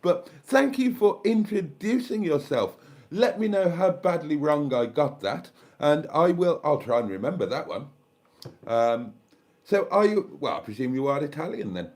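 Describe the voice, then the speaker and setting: A man's voice: fairly high pitch, very animated, moderate pace, a little mellow. An older man with a South Welsh accent, hosting a live stream in casual chat, rambling as he thinks aloud and thanks viewers. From South Wales.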